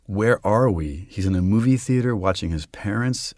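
A man's voice: fairly low pitch, moderate pace, darkish tone, no room sound, clean studio sound. A man who is an actor, talking in an interview in a reflective way about how he reads stories aloud. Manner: reflective, explains his craft with spoken examples. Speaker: actor and guest. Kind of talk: conversational interview.

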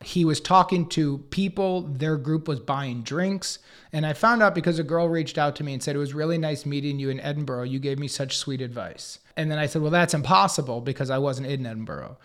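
A man in his forties tells stories in a loose, chatty interview. He jumps into other people's voices as he goes, animated and quick to rise in pitch. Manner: animated, acts out others' lines in quotes. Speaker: podcast co-host and guest. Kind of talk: casual storytelling chat.

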